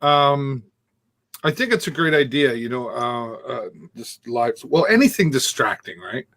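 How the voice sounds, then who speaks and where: Easygoing male co-host for a casual stream, teasing, laughs often, medium pitch. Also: expressive, measured pace, fairly bright tone. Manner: easygoing, teasing, chuckles a lot. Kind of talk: casual live-stream chat.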